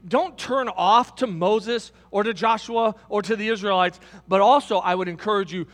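A male pastor, preaching a sermon in an animated storytelling manner and asking the congregation questions. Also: high-pitched, normal speed, long reverb tail.

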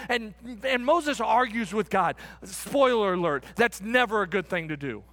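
A man preaching a sermon as pastor, emphatic and repetitive, calling the congregation friends, building to excited shouts and then dropping to a quiet, close tone. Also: extremely high pitch, unhurried, no room sound. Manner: emphatic, repeats phrases, addresses the congregation as friends. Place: church sanctuary.

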